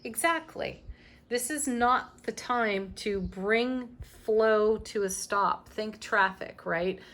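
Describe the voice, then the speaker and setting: A woman's voice: medium pitch, a bit bright. A woman giving a daily tarot reading, speaking emphatically with spiritual encouragement and small laughs. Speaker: tarot reader.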